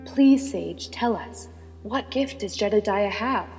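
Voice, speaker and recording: A woman's voice: medium pitch, animated, slow pace, darkish tone. A woman voicing an earnest, insightful wife who speaks eagerly and persuasively. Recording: long reverb with background music.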